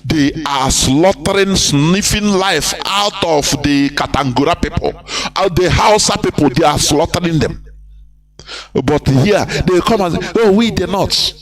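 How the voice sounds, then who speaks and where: A man from Nigeria, working as an activist broadcaster, offers heated political commentary live on air. His voice is on the high side and his pace measured, and he leans on rhetorical questions while slipping in phrases of Igbo.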